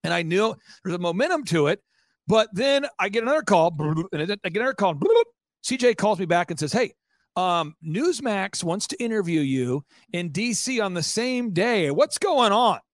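A man telling an excited testimony as an interview guest, fast and intense, acting out quotes as he goes. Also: high voice, no echo, clean studio sound.

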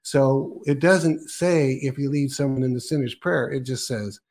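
A man's voice: mid-range voice, measured pace, few pauses, darkish tone. Man hosting a ministry talk show. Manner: rambling storyteller, quoting himself and others. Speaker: host.

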